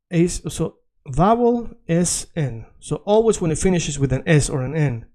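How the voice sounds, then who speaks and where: A man teaches Spanish in a video lesson, his voice dark yet a little high. He explains patiently, repeats words, and checks in with "all right?"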